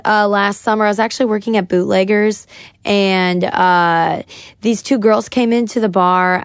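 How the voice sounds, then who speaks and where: A woman's voice: on the high side, no room sound, clean studio sound. A young woman from the United States, a podcast guest, talking casually about her life with lots of fillers and acted-out quotes. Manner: chatty, many "like" fillers, acts out quotes. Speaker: podcast guest, singer-songwriter. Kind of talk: casual personal storytelling.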